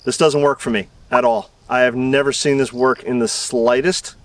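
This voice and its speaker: A man's voice: mid-range voice, fairly even intonation, normal speed, distant mic. A man from the American South hosting a gardening channel, talking casually outdoors in his garden with a rambling, self-deprecating manner and frequent chuckles. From Southern United States. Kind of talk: casual outdoor video talk.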